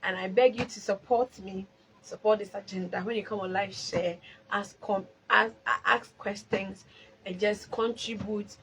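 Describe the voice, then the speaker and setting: Ghanaian woman, mid pitch, live-stream host, emotional testimony mixing English and Twi, faint noise under it. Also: steady tone, moderate pace, low-quality recording. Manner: emotional, swings from loud exclaiming to soft prayerful tones; mixes English with Twi phrases.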